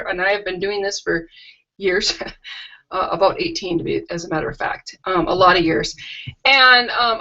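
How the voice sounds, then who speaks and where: Bright, chatty middle-aged woman on a lo-fi call. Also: on the high side. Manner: chatty and rambling, with homey asides. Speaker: craft demonstrator hosting a live stream. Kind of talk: casual live-stream chat and product tour. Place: her home. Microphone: video call webcam. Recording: lo-fi video call audio.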